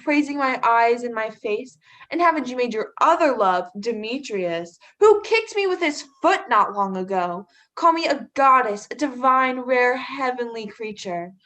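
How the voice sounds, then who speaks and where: A woman's voice: on the high side, fairly bright tone. A teenage girl acting as a hurt, jealous young woman in a school stage play, pleading and bitterly sarcastic. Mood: accusing. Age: teens. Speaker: student actor.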